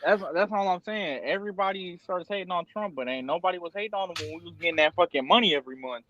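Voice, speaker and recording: A man's voice: high voice, quick pace, sharp tone, lo-fi sound, slight background noise. A young man co-hosting a podcast in casual chat, joking and swearing in slang. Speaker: podcast co-host.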